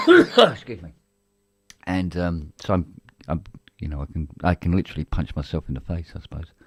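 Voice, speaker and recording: A middle-aged man with a very low, deep voice talks loosely on a live stream, circling back on himself with false starts and coughs. The sound is dry and close, with no room around it. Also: huge pitch swings, normal speed, breathy edge, no room sound. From England. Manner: rambling, full of restarts and coughs. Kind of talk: casual chat.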